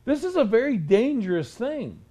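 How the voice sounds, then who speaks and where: A man's voice: extremely high pitch, very animated, moderate pace, warm tone. A male preacher delivering a stern sermon, pressing his listeners with rhetorical questions.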